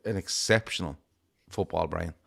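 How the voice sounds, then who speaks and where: Regular panelist, man, lower voice, blunt, swears, emphatic. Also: moderate pace, creaky, a bit bright. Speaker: fan show panelist. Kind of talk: casual chat.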